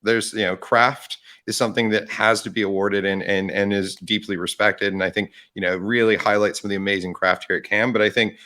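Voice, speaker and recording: A man's voice: lowish voice, fairly even intonation, brisk, hardly any pauses, pushed and bright. A man co-hosting a podcast in casual chat, thoughtful and hedging his points. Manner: thoughtful, hedging with "I think" and restarts. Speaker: podcast co-host.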